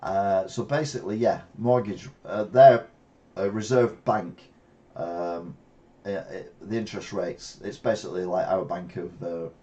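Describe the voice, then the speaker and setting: Older man, lowish voice, rambling news chat, wry asides. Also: steady tone, unhurried, dark tone, dull audio. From England. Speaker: channel host. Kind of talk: casual news commentary.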